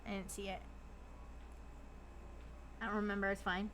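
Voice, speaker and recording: A woman's voice: medium pitch, little pitch movement, normal speed, a bit bright, slight background noise. A young woman streaming live who chats casually, giggles often, and reads viewer messages aloud before riffing on them.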